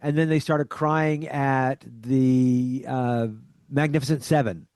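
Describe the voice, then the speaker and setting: A man's voice: medium pitch, fairly even intonation, slow pace, a little mellow, clear, resonant tone, dry recording, studio quality. A man chatting on a remote call at a game cast roundtable, laughing easily and rambling. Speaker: cleric player. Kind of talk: casual roundtable chat.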